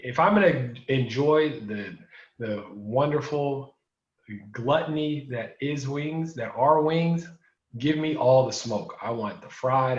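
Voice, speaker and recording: A laid-back co-host in a casual food chat, asking questions and murmuring agreement. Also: mid-range voice. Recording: dull roomy sound.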